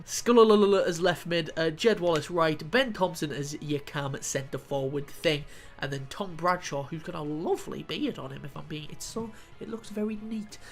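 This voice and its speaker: A man's voice: a little high, moderate pace, vocal fry. A man narrates his football video game as he plays. He curses freely and erupts in frustration when the match goes badly, with faint game music running under his voice. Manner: swearing, excitable outbursts at the game. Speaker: gaming YouTuber. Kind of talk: gameplay commentary.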